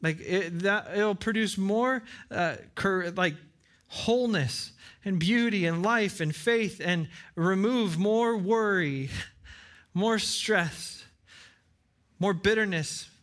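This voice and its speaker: A man's voice: high voice, slow pace, a bit bright. A man preaching a sermon as pastor in a church, earnest, repeating phrases for emphasis and acting out short dialogues. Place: church with side screens.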